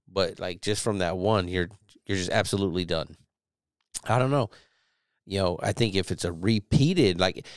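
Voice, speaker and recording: A man's voice: low voice, clean tone, no room sound, clean studio sound. A man hosting a podcast who reads an article aloud and rambles through casual, profane commentary with many restarts. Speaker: podcast host.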